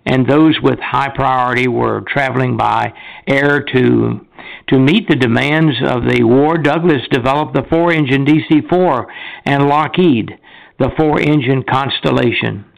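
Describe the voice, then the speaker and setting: An older man, a retired airline pilot, reading his memoir aloud in a measured, deliberate way with a few small slips. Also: mid-range voice, gravelly, poor audio.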